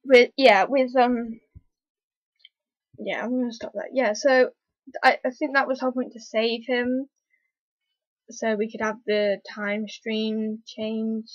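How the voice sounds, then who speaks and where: Rambling excitable woman, lo-fi. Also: fairly high pitch, slow, pauses often, no room sound. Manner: rambling, hesitant, excitable fan with many fillers. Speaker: TV episode reviewer. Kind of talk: casual review vlog. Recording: dull lo-fi, dry recording.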